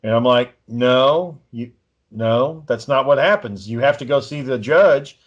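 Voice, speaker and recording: A man's voice: medium pitch, animated, unhurried. A man telling a long story in a casual, profane, rambling way as a podcast co-host. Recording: dull lo-fi recording.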